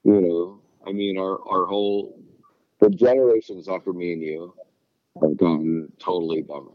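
Man, very low voice, dry and dull sound, rambling, swears a lot, casual chat. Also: fairly even intonation, normal speed, no room sound. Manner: rambling, swears freely, acts out quotes.

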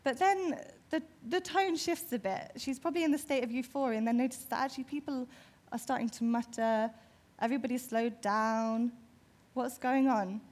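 Brief: female preacher, imaginative narration, a touch high-pitched. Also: normal speed, darkish tone. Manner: storytelling, vivid and imaginative. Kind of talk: sermon.

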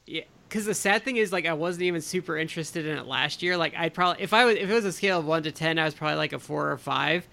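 Seorang pria pembawa acara pendamping yang berbicara santai dan penuh pertimbangan, suaranya agak tinggi dan cerah. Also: male voice, a little high, fast, vocal fry, hardly any pauses, pushed and bright. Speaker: podcast co-host. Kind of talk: casual podcast chat.

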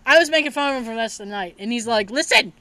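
A woman hosting a podcast, telling a family story in casual chat, animated and swearing freely with frequent laughter. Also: fairly high pitch, very fast, no echo. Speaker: podcast host.

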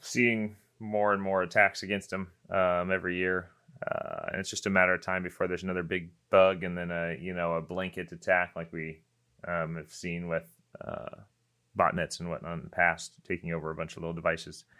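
A man with a very low, forceful and smooth voice gives blunt, offhand opinions. He speaks casually as a co-host on a tech podcast. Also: monotone, moderate pace.

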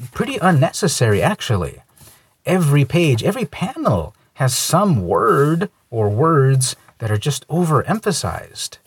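Male comic reviewer, husky mid voice, dry close sound, easygoing delivery. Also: mid-range voice, no room sound. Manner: relaxed, conversational, lightly opinionated. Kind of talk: casual review commentary.

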